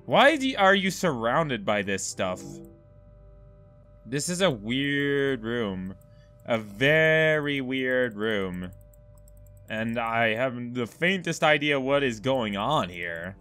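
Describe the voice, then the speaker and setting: Bright-voiced young man playing a game. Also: mid-range voice, sing-song, slow pace, soft background music. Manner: rambling, self-mocking, thinking aloud. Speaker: gaming video host. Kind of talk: let's-play commentary.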